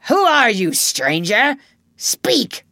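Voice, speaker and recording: A woman's voice: medium pitch, big pitch swings, slow, gravelly, no room sound, clean studio sound, exaggerated voice. A woman voicing a proud, brooding male pirate captain in a storybook reading, declaiming theatrically. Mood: shaken.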